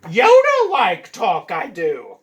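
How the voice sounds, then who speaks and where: Man putting on a wise tiny old alien master, high-pitched, slow drawn-out words, shouted out. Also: wildly swooping pitch, heavily acted. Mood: playful.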